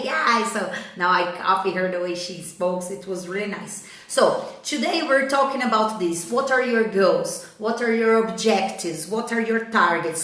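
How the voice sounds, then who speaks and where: A Brazilian woman with a slightly low voice and a Brazilian Portuguese accent gives a motivational English lesson on a live stream. She keeps asking her audience "yeah?" and "okay?" to check they follow. Her voice rings around a very echoey room. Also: fairly bright tone. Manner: earnest, checks in with the audience often. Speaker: English teacher.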